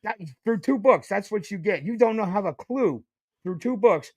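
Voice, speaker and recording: A man guesting on a casual commentary podcast, blunt and emphatic with plenty of swearing. His voice is high for a man. The sound is dry and close. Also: lively intonation, normal speed, breathy edge, no room sound.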